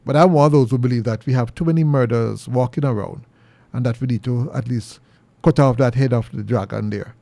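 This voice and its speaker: Jamaican guy ranting on his show, gravelly voice, dry close sound, goes way up high when he makes a point. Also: a little fast, mellow, no room sound. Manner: earnest and preachy, pitch jumps high for emphasis. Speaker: commentary show host. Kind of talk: opinion monologue.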